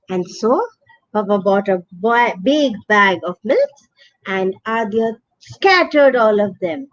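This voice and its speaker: A woman's voice: medium pitch, animated, measured pace, no room sound, highs cut off. A woman narrating a children's bedtime story, playfully imitating animal sounds.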